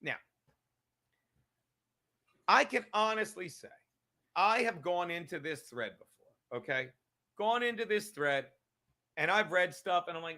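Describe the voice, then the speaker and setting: A man's voice: high voice, animated, normal speed, long pauses, sharp tone. A male podcast host in a profane live-stream rant, angry and emphatic, swearing constantly and repeating his points.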